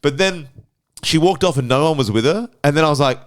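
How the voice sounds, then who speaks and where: A man's voice: fairly high pitch, expressive, fairly quick. A young Australian man hosting a casual podcast, telling rambling stories full of "like" and swearing. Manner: rambling storyteller, swears freely, says "like" often. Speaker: podcast host.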